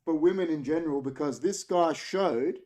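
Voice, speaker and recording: An Australian man with a somewhat high voice tells a story on a casual podcast. He acts out what people said with plenty of energy. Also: moderate pace. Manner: animated storytelling, acts out quotes. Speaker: podcast host. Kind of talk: casual chat.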